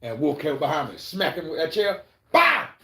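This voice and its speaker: A man with a fairly high, expressive voice talks fairly quickly while live-streaming from an echoey room. His casual storytelling rambles and turns profane, and he keeps checking in with listeners by asking "you know what I'm saying".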